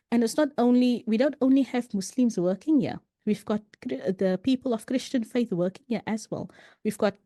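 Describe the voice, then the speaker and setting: A woman with a mellow, warm voice talks earnestly as a podcast guest and tells personal stories in a loose, conversational way. She often restarts her sentences and drops in "you know." The recording is dry and close, with no room sound. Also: fairly high pitch, no room sound.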